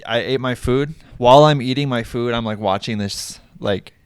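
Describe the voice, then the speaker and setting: Young man with a smooth, clear voice. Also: medium pitch, moderate pace, no echo. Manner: joking, laughs often, talks about a rough day. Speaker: podcast co-host. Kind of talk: casual chat.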